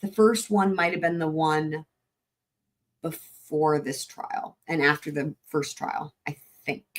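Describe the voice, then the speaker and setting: A woman's voice: low-pitched, slow. A woman hosting a live stream, thinking aloud and correcting herself as she comments. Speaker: stream host.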